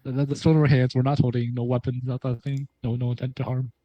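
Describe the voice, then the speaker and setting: A man's voice: medium pitch, level tone, quick pace, dry recording, highs cut off. A man playing a tabletop game, talking with many stammers and restarts. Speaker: player. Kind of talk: casual tabletop play.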